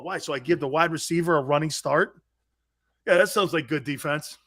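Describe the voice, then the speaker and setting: A man hosting a sports talk show, ranting loudly with frequent laughter, shouts and mocking asides. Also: a little high, a little fast. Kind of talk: energetic sports talk rant.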